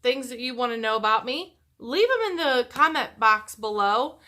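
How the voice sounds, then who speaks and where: Woman, middle-aged, bright sharp tone, rambling casual chat, restarts sentences. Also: a little high, lively intonation, normal speed. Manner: chatty, rambling, self-interrupting. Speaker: YouTuber.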